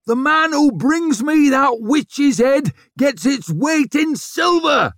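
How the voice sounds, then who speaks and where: A man voicing a male war leader who roars orders in the middle of a battle, booming and high-pitched with strain in an audiobook. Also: lively intonation, slow, fairly bright tone, no room sound, studio quality, full character voice. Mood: commanding. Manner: roaring, booming.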